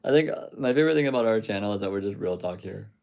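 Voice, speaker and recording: Low gravelly man chatting on a livestream. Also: expressive, very fast, darkish tone, lo-fi sound. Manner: rambling, swears freely, laughs at chat comments. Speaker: livestream host reading chat. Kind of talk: casual livestream chat.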